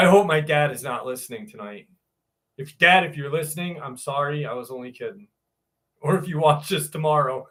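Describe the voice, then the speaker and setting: Joking man in his forties, slightly high. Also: expressive, a little slow, a bit bright. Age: 40s. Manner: joking, self-mocking, laughs often. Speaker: podcast host. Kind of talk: casual live-stream chat and story reading.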